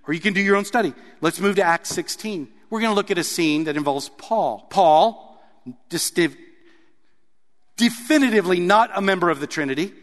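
A pastor preaches to his congregation, a man with a slightly high voice. He reads scripture aloud, then stresses its key words with animated emphasis. His voice carries a long reverb from the large sanctuary. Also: moderate pace. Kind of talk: sermon.

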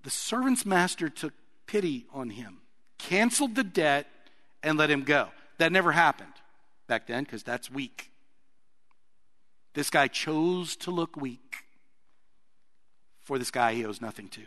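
A man's voice: on the high side, big pitch swings, unhurried, pauses often, bright, forceful tone. A man preaching a sermon in a conversational way, putting questions to his listeners. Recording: long reverb of a large hall.

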